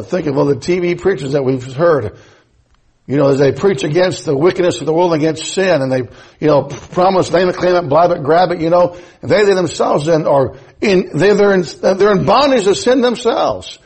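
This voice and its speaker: A man's voice: high-pitched, a little mellow, husky, rough recording. A man preaching a sermon in a folksy, emphatic way, mixing scripture with personal stories. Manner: folksy, storytelling, emphatic rises.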